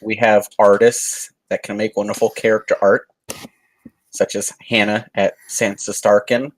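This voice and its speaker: A man's voice: lowish voice, flat delivery, measured pace, poor audio. Chatty man running show announcements. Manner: chatty, upbeat, self-promoting. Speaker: show regular. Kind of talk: casual announcements.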